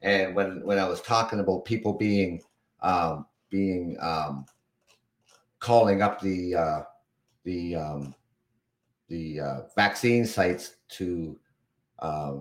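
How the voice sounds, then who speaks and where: Taking it slowly and pausing often, this low-voiced Canadian man in his fifties hosts a casual live podcast. He tends to chuckle, sound exasperated, and ramble with restarts.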